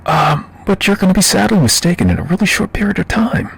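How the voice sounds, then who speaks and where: Here the Baltimore livestream host sounds high-pitched, gravelly, and husky, talking fast and animatedly. He chats casually with plenty of profanity and laughter, reading the chat aloud and answering it.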